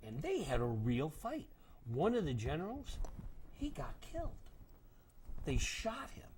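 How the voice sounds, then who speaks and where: An older man telling a story to children, dramatic and animated, dropping to whispers and acting out voices. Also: a little high, a little slow, slight background noise.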